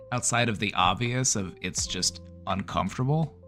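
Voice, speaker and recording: A middle-aged man with a low-pitched voice talks casually as a host. He rambles, thinks aloud and restarts sentences, and light music plays underneath. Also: vocal fry, fairly bright tone. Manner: chatty, rambling, frequent restarts. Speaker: mental health video host. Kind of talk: casual commentary.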